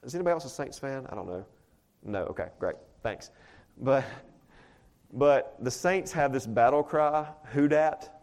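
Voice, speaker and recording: A mid-range, darkish voice with lively intonation and a moderate pace belongs to a pastor giving a sermon in church. He addresses the congregation conversationally and often asks rhetorical questions.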